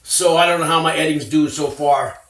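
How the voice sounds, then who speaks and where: A man's voice: a little high, fairly even intonation, fairly quick, far from the mic, a crowd in the background. A man in his fifties telling a prison story in a rambling, profane, casual way, recorded on a tablet. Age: 50s. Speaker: former inmate vlogger. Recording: roomy, off-mic, with faint noise.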